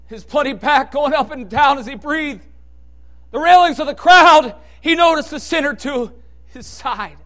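High-voiced, impassioned male preacher. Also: normal speed. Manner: impassioned, swinging from hushed lows to shouted peaks. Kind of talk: sermon.

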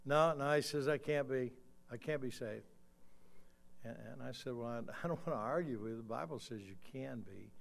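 A man in his sixties preaching in a church, telling a story and then rising to loud, emphatic calls before leading a quiet prayer. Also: medium pitch, moderate pace, creaky. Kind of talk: sermon with altar call. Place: church sanctuary.

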